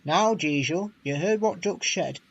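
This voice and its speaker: A man's voice: high voice, unhurried, vocal fry, slightly rough, dull audio, pitched above the performer's own voice, exaggerated voice. A man voicing a stern, fair railway boss in a storybook reading, formal and firm.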